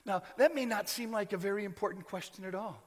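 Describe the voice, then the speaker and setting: An American man preaching a sermon as pastor, swinging between loud proclamation and near-whispers. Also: sits high, fast. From United States. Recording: large hall reverb.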